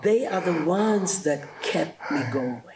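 A man's voice: fairly high pitch, animated, background noise. A middle-aged man from South Africa with a South African accent, earnestly sharing a personal testimony in an interview. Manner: slow, reflective and earnest, with fervent rises. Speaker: gospel singer and bishop being interviewed.

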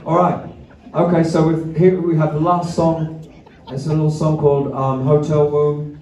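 A musician telling loose, profane, self-mocking stories to a live theatre audience. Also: male voice, a little high, flat delivery, moderate pace, mellow, slight background noise. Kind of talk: rambling stage banter between songs. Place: theatre stage. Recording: live theatre recording, roomy and distant.

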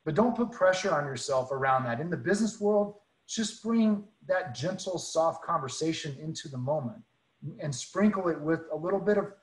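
A man's voice: a little high, expressive, moderate pace, roomy sound, poor audio. A man telling a personal faith story in an earnest, conversational way, often restarting and repeating words. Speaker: guest speaker.

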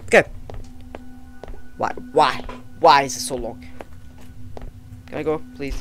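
A man giving casual, excitable let's-play commentary on a horror game, swearing, jumpy and talking back to the characters. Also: medium pitch, unhurried, pauses often, soft background music. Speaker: gamer playing a horror game.

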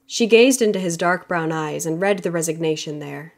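A woman with a somewhat lower voice for her sex narrates an audiobook. Her storytelling is steady and even, in a plain scripted read. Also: moderate pace.

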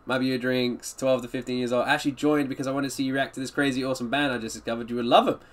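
A man's voice: medium pitch, little pitch movement, racing. A man live-streaming a reaction, chatting upbeat with his viewers and greeting them by name. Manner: upbeat, greets and answers viewers' chat often.

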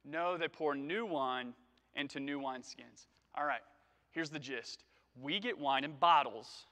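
Animated preacher man in a reverberant church. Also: fairly high pitch, measured pace. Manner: animated, conversational, jokes with congregation. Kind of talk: sermon. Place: church sanctuary.

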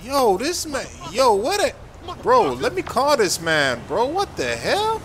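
A man voicing an excitable, slangy young male friend who talks loud and hyped. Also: extremely high pitch, a little slow, a little hiss or hum, voice pushed up, full character voice.

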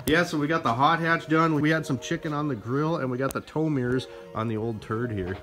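A man with a mid-range voice walks through a truck repair in a laid-back, offhand way, tossing in casual swearing and jokes. He is filming himself outdoors on a handheld camera. Music plays clearly underneath his voice. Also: mid-range voice, brisk, fairly bright tone. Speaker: channel host. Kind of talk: casual how-to car vlog. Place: outdoors working on vehicles. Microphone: camera mic, handheld filming.

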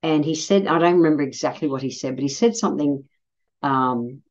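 A middle-aged Australian woman telling a personal story in a casual, blunt way, swearing freely and getting animated when she quotes people. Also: sits low, fairly quick, highs cut off. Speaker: podcast host.

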